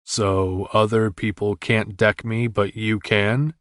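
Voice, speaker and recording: Man voicing a playful young guy, curious, teasing, low-pitched, dry close sound. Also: flat delivery, slow, fairly bright tone, no echo.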